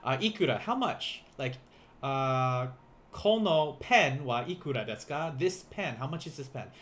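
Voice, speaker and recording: A young man teaching beginner vocabulary in a casual livestream, playful and quick to laugh, repeating each word slowly for learners. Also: medium pitch, expressive, a bit bright. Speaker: language teacher.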